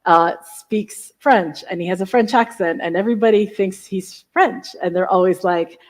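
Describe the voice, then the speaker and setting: A woman's voice: medium pitch, normal speed. A woman hosting a live stream between songs, chatting in a rambling, enthusiastic way with lots of asides. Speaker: live stream host and singer.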